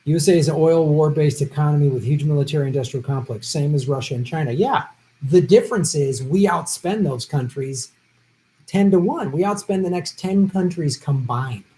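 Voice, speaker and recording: A man hosting a live stream, reading out viewer questions and answering them off the cuff. He talks bluntly and swears freely. His voice sits high for a man. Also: moderate pace, warm tone, low-quality recording. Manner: blunt and profane, with heated outbursts.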